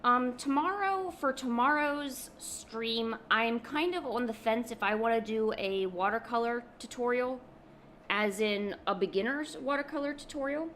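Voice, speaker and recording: A woman streaming her art session, chatting casually with viewers in a fairly high voice. She rambles and thinks aloud, filling pauses with ums, with a faint hiss behind her. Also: a bit bright. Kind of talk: casual live-stream chat.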